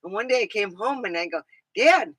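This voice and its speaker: A woman vlogger from California, English-tinged in accent, rambles through casual stories with frequent laughter and filler ums. Her mid-range voice is slightly rough and quick-paced, with no room sound.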